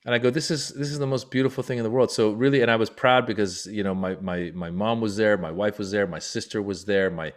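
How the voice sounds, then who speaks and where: A man in his forties, a comedian born in Iran, tells a long story as a podcast guest. His voice sits low, and he leaps way up in pitch whenever he acts out other people. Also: fairly even intonation, quick pace, hardly any pauses. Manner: acts out quoted voices with big pitch jumps. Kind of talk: animated storytelling.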